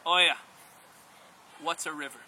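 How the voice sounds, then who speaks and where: A man's voice: a little high, unhurried, a little hiss or hum, poor audio. A man voicing a naive, eager first man full of childlike wonder, told as a story. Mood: excited. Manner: excited, puzzled, childlike wonder.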